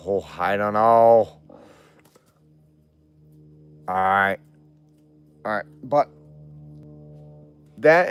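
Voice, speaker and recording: A man hosting a casual livestream from outdoors at home, chatting with viewers and cooing softly to his dogs. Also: mid-range voice, smooth. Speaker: livestream host. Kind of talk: casual live chat.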